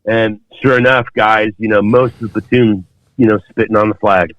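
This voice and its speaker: A man in his fifties with a lowish voice tells a long story as a podcast guest, rambling through fillers and restarts. The audio is dull and very dry. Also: fairly even intonation, normal speed, a bit bright, dry recording. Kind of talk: storytelling in conversation.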